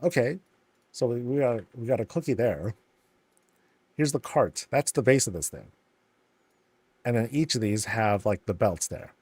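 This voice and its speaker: A man's voice: medium pitch, lively intonation, moderate pace, long pauses, darkish tone, breathy edge, no room sound. A man casually commenting on a game, telling stories animatedly with slangy asides. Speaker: game streamer.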